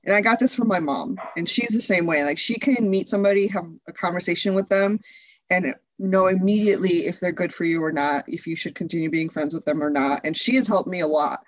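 A woman's voice: lowish voice, a little fast, no room sound, poor audio. A woman being interviewed as a video creator, chatting candidly with frequent laughs and lots of restarts.

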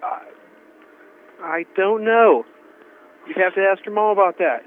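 A male store clerk answers the phone patiently, hesitating now and then. His voice sits high and moves around a lot, and it comes through a thin, tinny phone line. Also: expressive, a little slow. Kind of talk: phone call.

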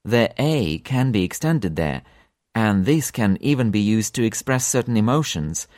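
A man teaching a language lesson for an audiobook, repeating example words slowly with long drawn-out vowels. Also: fairly low pitch, animated, a little mellow, no room sound, clean studio sound.

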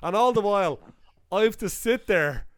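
A young man with a Dublin accent spins a crude, lively anecdote for his podcast co-host. His voice is smooth and clear, pitched a little high. The recording is dry and close. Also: normal speed, no echo. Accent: Dublin Irish. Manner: profane, animated storyteller. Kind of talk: casual chat, anecdote.

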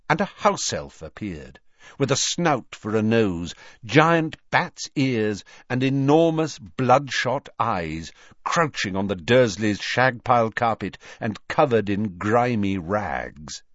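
A man reading an audiobook in an unhurried, expressive way, in a dry, slightly dull recording. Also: mid-range voice, dry recording. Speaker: audiobook narrator. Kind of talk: audiobook narration.

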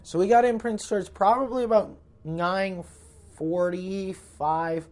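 A man's voice: high voice, fairly even intonation, slow, a little mellow. A man with a Canadian accent, a comedian telling a rambling, profane road-trip story in casual podcast talk. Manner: rambling, profane, self-interrupting.

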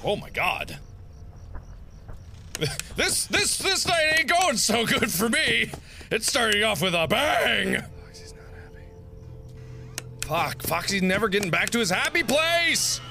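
A man with a strikingly high voice that leaps wildly up and down gives let's-play commentary. He talks in loud, profane outbursts and frustrated shouts. Game music plays clearly underneath him. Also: very animated, takes it slowly, pauses often. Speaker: gamer.

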